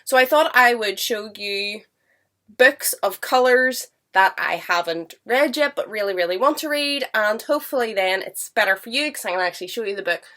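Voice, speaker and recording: A woman's voice: mid-range voice, lively intonation, normal speed, bright, forceful tone. A woman with a stuffy voice from a cold, chatting casually and enthusiastically about books at home. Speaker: book vlogger. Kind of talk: casual chat to camera.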